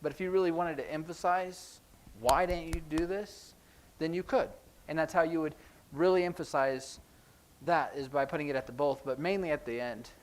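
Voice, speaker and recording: A man teaching a sign language class in a church classroom, explaining in a relaxed, conversational way with frequent ums. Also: fairly high pitch, a little fast, slight background noise. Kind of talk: classroom lesson.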